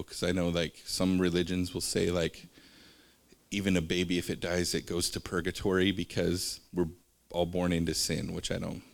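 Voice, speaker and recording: A man giving an informal religious talk, wandering off into personal stories and back in a loose, conversational way. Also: low voice. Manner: rambling, jumps between stories; conversational, with fillers.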